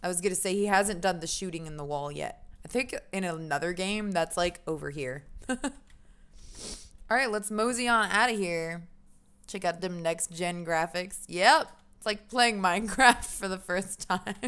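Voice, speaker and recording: A woman's voice: fairly low pitch, normal speed, a bit bright, clean tone. A woman casually commentating a computer game stream, chatty and self-mocking, laughing often.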